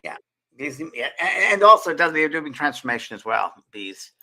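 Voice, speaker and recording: A man's voice: fairly high pitch, big pitch swings, brisk, bright, forceful tone. A man co-hosting a casual spiritual chat show, musing aloud and often repeating and restarting his words. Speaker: co-host.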